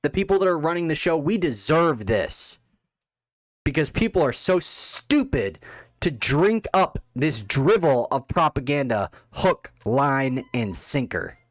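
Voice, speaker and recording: Man, angry contemptuous rant, lively pitch swings, dry close sound. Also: unhurried, dry recording. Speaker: political commentator. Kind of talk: ranting monologue.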